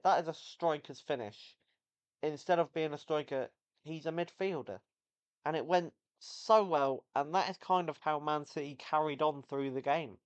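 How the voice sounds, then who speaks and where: A man's voice: a little high, smooth, muffled recording. A man giving a casual, rambling football match review, often correcting himself as he goes. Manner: rambling, self-correcting, enthusiastic. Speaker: football vlogger.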